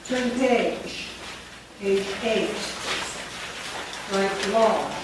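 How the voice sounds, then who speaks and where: A woman leading a phonics workshop for teachers, slowly dictating words and sounding each one out. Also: mid-range voice. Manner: slow, deliberate, sounds words out. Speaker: teacher trainer. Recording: echoey, distant, noisy room recording.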